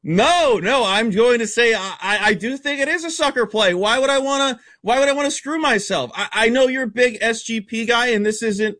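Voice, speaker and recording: High-voiced man talking betting stats. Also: no echo. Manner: fast, blunt, stat-heavy, animated. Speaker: sports betting analyst guest. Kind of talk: casual radio sports talk.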